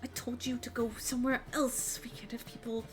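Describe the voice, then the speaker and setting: A woman voicing a frightened female bank employee who scolds her coworker in a tense, hushed voice. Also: fairly high pitch, flat delivery, a little fast, soft background music, lightly acted. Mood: scolding.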